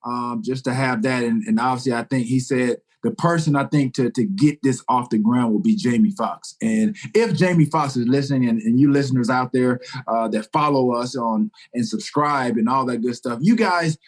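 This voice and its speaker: A man co-hosting a podcast, telling stories in a relaxed, rambling way with lots of fillers. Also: mid-range voice, normal speed, hardly any pauses. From United States. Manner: relaxed storytelling with many fillers. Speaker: podcast co-host. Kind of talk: casual chat.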